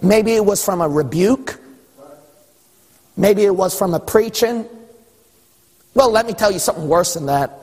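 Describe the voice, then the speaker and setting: A man's voice: high voice, unhurried, long pauses, darkish tone, breathy edge, long reverb tail. A male pastor preaching a sermon, building emphasis and teasing his congregation along the way.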